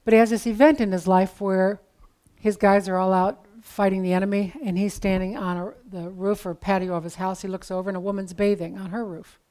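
Woman, preacher, sermon, conversational, storytelling, mid-range pitch. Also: level tone, fairly quick, mellow.

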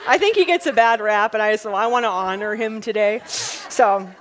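A woman's voice: mid-range voice, moderate pace, a faint crowd, slight background noise. Conversational woman preaching a sermon. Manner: conversational, plain-spoken, repeats key points; lively, acts out quotes in a mock-panicked voice.

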